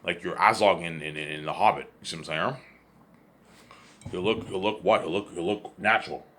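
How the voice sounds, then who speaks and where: A man's voice: low voice, normal speed, noisy background. A man rambling in a casual solo monologue, repeating himself and often adding "you know what I'm saying.". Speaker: vlogger.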